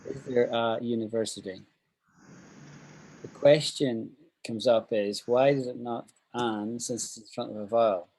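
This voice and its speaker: A man teaching an online English class, upbeat and thinking out loud as he explains. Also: medium pitch, moderate pace, slightly rough, rough recording.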